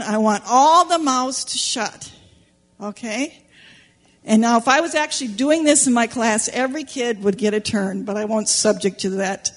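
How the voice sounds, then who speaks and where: A woman leads a Sunday school lesson, telling a story to children in an animated, playful way. She keeps stopping to ask the kids questions. Her voice sits a little high. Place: church classroom with children.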